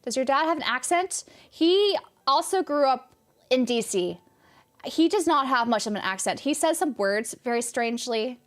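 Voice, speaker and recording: A woman's voice: high-pitched, lively intonation, moderate pace. A young woman from California with a light Californian accent, chatting casually on a game stream and answering chat with a rambling, laughing manner.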